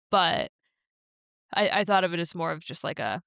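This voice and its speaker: A woman's voice: lowish voice, expressive, brisk, gravelly, fairly bright tone, no room sound. Woman co-host, chatty and filler-heavy, dry, slightly muffled recording. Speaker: podcast co-host. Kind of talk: casual recap chat.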